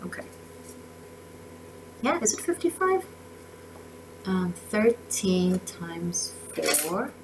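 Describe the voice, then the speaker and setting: A woman's voice: on the low side, very animated, extremely slow, pauses often, noisy background. A woman giving a casual tarot reading, effusive and emotional, often restarting her words. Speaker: tarot reader.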